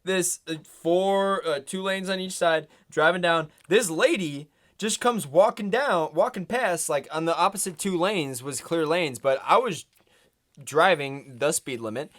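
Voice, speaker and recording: A young man co-hosting a casual podcast, telling a driving story in excitable bursts. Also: on the high side, measured pace. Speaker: podcast co-host. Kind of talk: casual chat.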